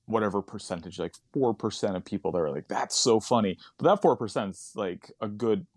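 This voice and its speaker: A man's voice: fairly low pitch, lively intonation, a little fast, a little mellow, no room sound, clean studio sound. Rambling, laughing comedian man. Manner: rambling, laughs often, trails off into tangents. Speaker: stand-up comedian guest. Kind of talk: casual podcast chat.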